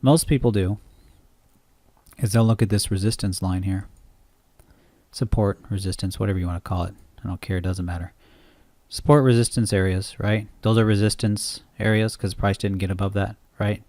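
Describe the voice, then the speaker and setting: Man, low voice, dry close sound, rambling chart walkthrough, keeps asking "right?". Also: steady tone, normal speed, darkish tone, dry recording. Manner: rambling, self-interrupting, asks listeners "right?". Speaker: trading coach. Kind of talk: unscripted screen-share tutorial.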